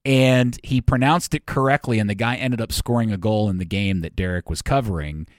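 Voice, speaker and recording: A man's voice: on the low side, fairly quick, no room sound. A man co-hosting a sports talk show in casual banter. He tells stories with a joking, self-mocking edge. His voice sits close and dry on the mic. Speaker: sports radio co-host.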